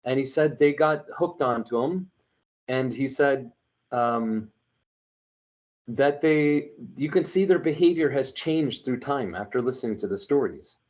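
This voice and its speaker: A man's voice: medium pitch, measured pace, muffled recording. Earnest man from New Mexico telling winding anecdotes. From New Mexico, United States. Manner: earnest and animated, with winding anecdotes and frequent restarts. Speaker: storyteller for an online religious media group. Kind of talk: casual conversational storytelling.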